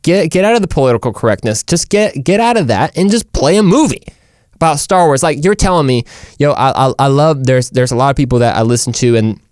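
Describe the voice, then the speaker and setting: A man's voice: medium pitch, fairly quick, no echo. A man rambles through his opinions with loose slang, starting sentences over and jumping between thoughts. His voice sits in the middle range. The recording is dry and close, with almost no room sound. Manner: animated, rambling, slangy, puts on mock British voices. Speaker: show host. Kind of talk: casual opinion monologue.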